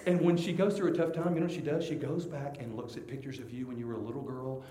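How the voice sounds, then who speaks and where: Animated man preaching in an echoey hall. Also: medium pitch, quick pace, hardly any pauses, slight background noise. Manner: animated, conversational preaching, acts out voices of people he quotes. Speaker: pastor. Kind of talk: sermon. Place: church sanctuary. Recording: echoey hall with long reverb.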